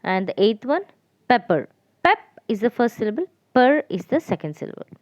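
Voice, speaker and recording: A woman teacher giving a lesson to children, repeating and spelling out letters slowly. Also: a little high, big pitch swings, dry recording. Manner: slow, repetitive, spelling out letters.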